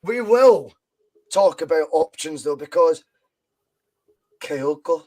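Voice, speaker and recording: A man's voice: on the high side, animated, slow, darkish tone. A Scottish man hosting a football podcast, talking bluntly and swearing freely as he argues his opinions. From Scotland. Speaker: podcast host. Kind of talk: casual football podcast chat.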